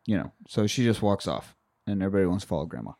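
A man's voice: low voice, expressive, rapid-fire, a little mellow. A man co-hosting a podcast, casually recapping a movie and chiming in with character names and dry asides. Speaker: podcast co-host.

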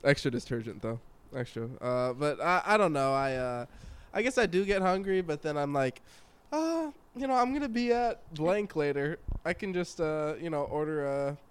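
A man's voice: a little high, expressive, normal speed, smooth. Laid-back rambling young man. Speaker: podcast guest. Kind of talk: casual chat.

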